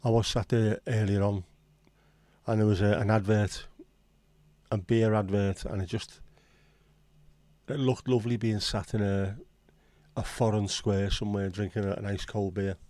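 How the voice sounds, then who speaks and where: Laid-back bloke, low mellow voice, dry close sound, chatting to his stream. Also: little pitch movement, normal speed, long pauses, dry recording. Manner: easygoing, jokey, responds to chat messages. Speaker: livestream host. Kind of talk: casual livestream chat.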